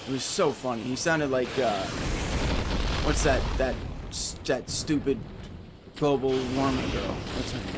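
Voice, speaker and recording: A man's voice: mid-range voice, noisy background. A man streaming a video game, chatting casually and sarcastically with his viewers. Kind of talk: casual gaming stream chat.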